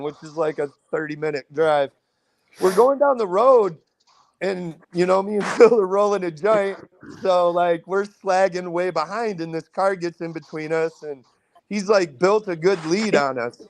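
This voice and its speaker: A man's voice: normal speed, creaky, no echo. A man with a Midwestern American accent, telling a wild story casually on a podcast and acting out everyone's lines with big jumps in his voice. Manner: animated, profane, acts out quotes with big pitch jumps. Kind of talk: casual storytelling among friends.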